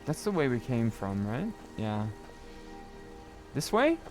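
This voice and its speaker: A man's voice: mid-range voice, sing-song, takes it slowly, over music. A young British man streaming a game, chatting in a rambling way and often tagging on "right?". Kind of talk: casual gaming chat.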